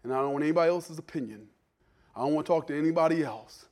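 A man preaching a sermon as pastor to a church congregation, lively, dropping to soft asides and playing out voices. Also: a little high, very fast.

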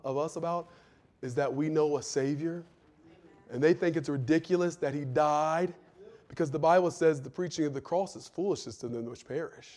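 A man preaching a sermon with fervent delivery, moving from loud pleading to hushed intensity. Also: on the high side.

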